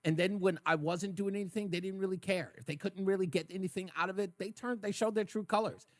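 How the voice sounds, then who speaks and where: A man hosts a call-in radio show with a high, bright voice. He talks in an animated, joking way and laughs at his own puns. The studio sound is dry and close. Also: quick pace, dry recording. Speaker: radio talk show host. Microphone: studio microphone.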